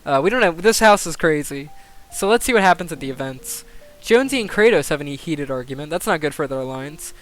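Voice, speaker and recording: A young man commentating a game simulation on a live stream, excitable, swearing and thinking aloud. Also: a little high, fairly quick, faint music behind.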